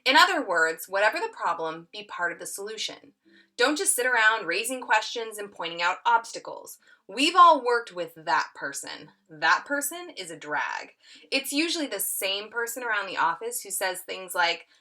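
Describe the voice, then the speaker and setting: A woman's voice: medium pitch, very animated, moderate pace, pushed and bright. A middle-aged woman teaching a tutorial, reading an excerpt aloud and acting out the quoted lines with lots of expression.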